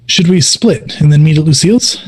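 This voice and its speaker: A man's voice: a little high, fairly quick, a little mellow, breathy edge. A man playing a tabletop game, describing his character's actions in an easygoing way. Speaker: player.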